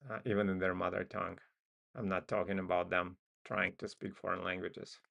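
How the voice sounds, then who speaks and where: Low gravelly guy w/ a foreign accent talking charts, slow and musing. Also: flat delivery, fairly bright tone. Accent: non-native English accent. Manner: musing, thinks aloud with frequent ums. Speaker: trading stream host. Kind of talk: casual live market commentary.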